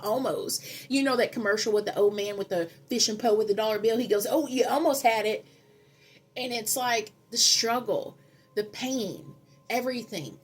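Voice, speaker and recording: Woman in a mid-range voice reads tarot cards, earnest and sermon-like, with drawn-out dramatic pauses. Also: medium pitch. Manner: earnest, preachy, speaks in repeated affirmations. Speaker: tarot reader. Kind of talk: spiritual tarot reading.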